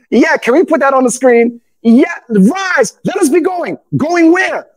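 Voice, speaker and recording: A male pastor preaching a sermon, calling out to his congregation, breaking into shouts, and reading scripture aloud in old formal English. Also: very high voice, expressive, slow pace. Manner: call-and-response preaching, often bursts into shouts.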